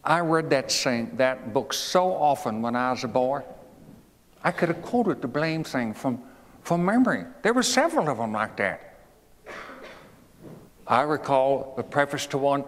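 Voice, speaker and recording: A man tells a fable in a slow, homespun manner, wandering off into asides and quizzing his listeners. His pitch rises and falls with animation. A long hall reverb and faint room noise surround him. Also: sing-song. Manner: homespun, digressive, asks the audience questions. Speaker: historical reenactor as a 19th-century president. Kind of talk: folksy storytelling to children.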